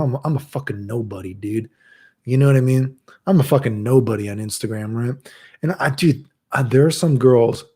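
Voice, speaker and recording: A man's voice: mid-range voice, dark tone. A man hosting his channel, telling rambling, profane stories in a casual monologue and acting out what people said. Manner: profane, storytelling, acts out quotes. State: chronically ill. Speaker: channel host.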